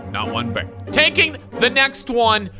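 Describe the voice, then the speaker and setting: A young gaming commentator with a high voice that leaps all over the place. He talks in a loud, sarcastic way, jumping from yelps to low mutters. Music plays clearly under him. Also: unhurried. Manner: loud, animated and sarcastic, swinging between shouts and mutters. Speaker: gaming YouTuber. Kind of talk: video game commentary.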